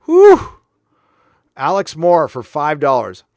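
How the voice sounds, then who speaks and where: Casting note: a fairly high-voiced man as a sarcastic livestream host, close dry mic, mock-earnest delivery. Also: expressive, measured pace, dry recording. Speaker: host reading viewer donations. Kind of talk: casual livestream chat.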